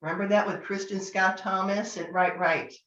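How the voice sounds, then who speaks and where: A woman's voice: medium pitch, fairly even intonation, normal speed, a bit bright. An older woman from Northern California teaching tarot in a chatty, anecdotal way, acting out bits of dialogue. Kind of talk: online master class talk. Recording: echoey, distant, dull lo-fi sound.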